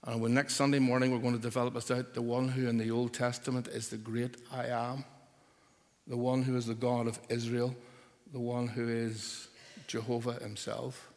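A man preaching a sermon, emphatic and building to forceful repeated declarations. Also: mid-range voice, little pitch movement, fairly quick, in a large hall.

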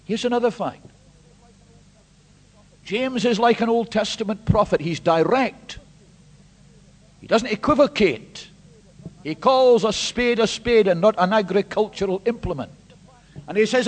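A man pastor preaching an emphatic sermon, swinging between hushed and loud. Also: sits high, a little slow, pauses often. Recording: long hall reverb.

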